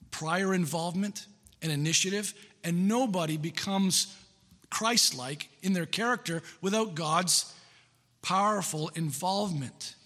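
Man, preacher, sermon, earnest and emphatic, repeats key lines, bright tone, long reverb. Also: sits high.

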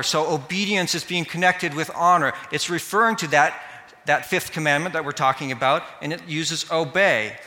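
A man's voice: a little high, moderate pace, sharp tone, in a large hall. A man preaching a sermon, earnest and speaking directly to the children in the congregation. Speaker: pastor.

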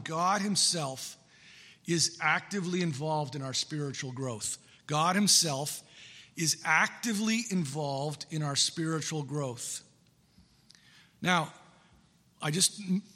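Emphatic high-voiced preacher in a reverberant hall. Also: male voice, pushed and bright. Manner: earnest, emphatic, repeats key phrases. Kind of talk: sermon.

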